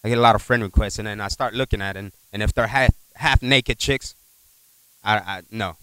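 A man preaching a sermon in a conversational, animated way, telling a personal story, repeating words and asking the congregation for an amen. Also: on the low side, brisk, smooth, dry recording, rough recording. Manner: animated, acts out voices in his stories.

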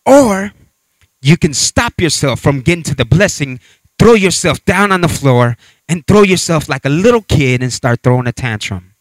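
A male preacher tells stories with a very lively, swooping voice, acting out scenes as he goes. He sits on the higher side for a man, and the recording is dry and close with no room echo. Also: moderate pace. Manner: animated, acts out voices and scenes. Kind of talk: sermon with storytelling.

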